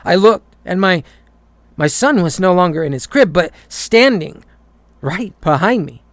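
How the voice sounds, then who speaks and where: A man's voice: high-pitched, lively intonation, a little slow, no echo. A man reading a horror story aloud, often stumbling and repeating words.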